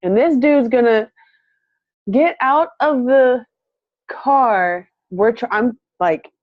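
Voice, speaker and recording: A woman's voice: a little high, slow pace, dry recording. A woman telling a story in casual chat, laughing often and acting out the quotes of the people in it. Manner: animated, laughing, acts out quotes. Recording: muffled lo-fi, dry.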